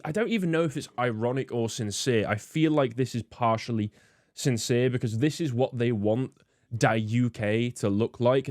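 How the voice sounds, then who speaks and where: A man's voice: medium pitch, darkish tone, no room sound. A man hosts a ranting commentary in a disdainful tone, with plenty of ums and restarts. His voice sits mid-range and sounds close and dry. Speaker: host. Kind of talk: political commentary.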